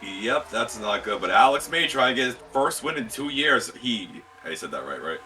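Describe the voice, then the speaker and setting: Bright-voiced man off the mic. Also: mid-range voice, animated, far from the mic, slight background noise. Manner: laid-back, reacts with quick exclamations. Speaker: color commentator. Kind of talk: casual color commentary.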